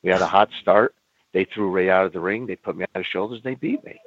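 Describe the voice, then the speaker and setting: A man's voice: low-pitched, dry recording. An older man, a former wrestler, telling blunt stories in an interview, swearing and acting out both sides of old arguments. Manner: blunt, swears, acts out dialogue in quick back-and-forth. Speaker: guest, former pro wrestler. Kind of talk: candid storytelling in an interview. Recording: dry, phone-like audio.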